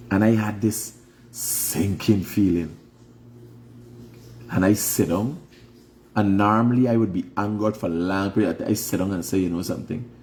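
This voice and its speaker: A man's voice: lowish voice, a little mellow, a little hiss or hum. A middle-aged Guyanese man hosting a casual livestream, lecturing emphatically and firing off rhetorical questions. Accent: Guyanese Creole English. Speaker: online show host. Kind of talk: preachy casual livestream monologue.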